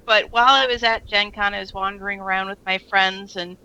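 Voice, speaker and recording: A woman's voice: medium pitch, steady tone, fairly quick, pushed and bright, smooth, highs cut off. A woman co-hosting a casual podcast chat, telling a rambling story full of fillers and laughs. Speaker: podcast co-host.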